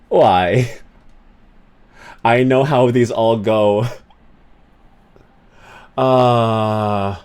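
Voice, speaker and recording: A man who streams and does voice acting, chatting casually with his live chat, animated and laughing often as he reads and answers messages. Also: on the low side. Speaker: streamer and voice actor.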